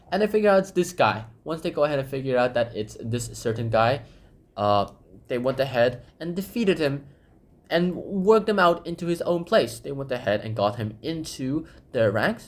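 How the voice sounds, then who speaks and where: A man hosts a casual book summary and rambles through it with plenty of fillers. His voice sits at a middle pitch for a man. He sounds relaxed and informal throughout. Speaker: book summary channel host.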